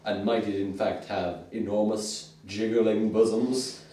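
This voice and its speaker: A man's voice: fairly low pitch, steady tone, unhurried, warm tone, natural voice. A man voicing an old-school male comic-book narrator in an overblown, theatrical way. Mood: dramatic. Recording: echoey room, mic at a distance.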